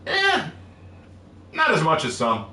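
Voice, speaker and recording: A man chatting casually on a livestream Q&A, with a bright, forceful voice that rises and falls a lot. He explains history in a relaxed way with plenty of fillers. He sounds a little off the mic, in an echoey room with faint background noise. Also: a little high, slow pace, far from the mic. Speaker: co-host.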